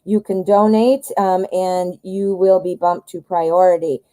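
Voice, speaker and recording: American woman, tarot live-stream host, hoarse, lowish mellow tone, chatty with viewers. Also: fairly even intonation, unhurried, low-quality recording. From United States. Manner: chatty, talks directly to viewers. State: voice going hoarse.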